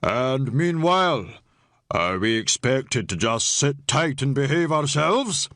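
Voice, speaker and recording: A man's voice: mid-range voice, expressive, slow pace, fairly bright tone, no echo, studio quality. A man playing a pompous, indignant orator. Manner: orator's voice, haughty.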